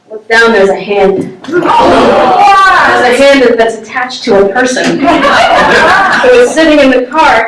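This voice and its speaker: A woman's voice: on the high side, a little hiss or hum. Brief: woman storyteller, casual and self-mocking, picked up from a distance on stage. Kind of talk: live personal storytelling. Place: live stage before an audience. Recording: roomy sound from a distant mic.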